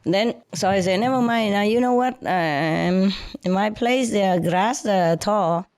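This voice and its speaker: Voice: mid-range voice, unhurried, darkish tone, clean tone, no room sound, studio quality. A speaker whose first language is not English, telling a casual anecdote to a friend in broken grammar, often laughing and growing indignant. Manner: frequent fillers like you know and yeah. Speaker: storyteller.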